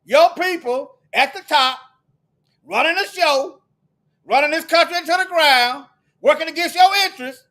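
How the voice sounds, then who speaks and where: A man delivering a heated, preachy monologue to his viewers, firing off repeated rhetorical questions and sometimes shouting. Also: very high-pitched, moderate pace. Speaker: video commentator.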